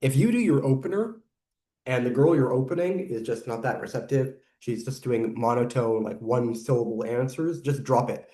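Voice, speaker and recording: A man giving casual reaction commentary on video clips, rambling and pausing, who says saliva builds up when he talks fast. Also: mid-range voice, dark tone. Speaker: video reviewer.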